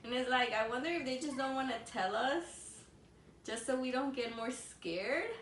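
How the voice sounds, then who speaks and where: Chatting over a meal, a young vlogger co-host spins a spooky tale loosely, packing it with "like" fillers and jumping between languages mid-sentence. Her voice is fairly high and a bit bright, moving at a moderate pace. She sits some distance from the mic in an echoey room with a faint hiss.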